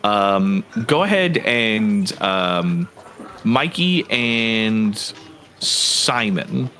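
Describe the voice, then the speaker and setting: Brief: male game master narrating a tabletop scene, hesitant, animated pitch. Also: drawn-out words. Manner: hesitant, many "uh" and "um" fillers.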